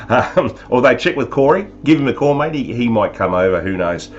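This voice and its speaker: A man's voice: mid-range voice, expressive, moderate pace. An Australian man hosting a live talk show, chatting casually with jokes and sarcasm. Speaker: show host. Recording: dull lo-fi sound, faint music.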